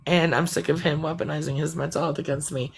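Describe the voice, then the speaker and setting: Rambling, gravelly woman streamer. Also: low-pitched, steady tone, fast. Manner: blunt, profane, rambling. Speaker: live streamer. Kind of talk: casual venting chat.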